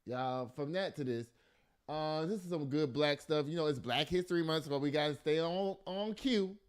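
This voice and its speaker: A man's voice: on the high side, normal speed, smooth. A man hosting a casual news podcast, reading stories aloud and breaking off into exasperated, joking asides. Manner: laughs and jokes often. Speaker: podcast host.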